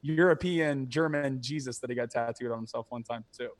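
A man's voice: mid-range voice, a little fast. A young man co-hosting a podcast, telling stories in casual chat, swearing freely and laughing as he acts out other people's lines. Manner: profane, laughing, acts out quoted voices. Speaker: podcast co-host.

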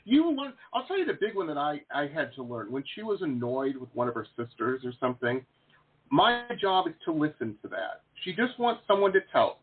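A man's voice: fairly high pitch, big pitch swings, a little fast, slightly rough. A man hosting an interview over a video call, chatty, jokey and rambling. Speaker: host, painter. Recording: tinny phone-like call audio.

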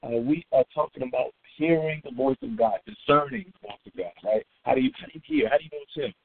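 A man's voice: mid-range voice, fast. Middle-aged pastor guy doing a morning devo on a conference line, tinny phone sound, chatty, greets folks by name. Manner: greets listeners by name between points, loose and chatty. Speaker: pastor hosting a morning devotional call. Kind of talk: live-streamed morning devotional.

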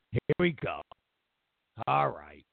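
Sarcastic guy ranting on his show, high bouncy voice, slow, sounds dry like a phone call. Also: wildly swooping pitch, creaky, no echo. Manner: sarcastic, rambling, frequent restarts and laughter. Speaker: host. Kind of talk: casual comedic rant. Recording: tinny phone-like line, dry.

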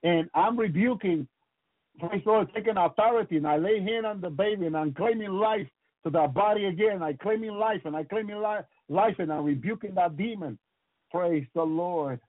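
A man with a high voice preaches with fervent testimony and keeps breaking in with praise. He often repeats and restarts his phrases. The recording is dry and sounds thin, like a phone line. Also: normal speed, no room sound. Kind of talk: testimony sermon. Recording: tinny phone-like broadcast sound.

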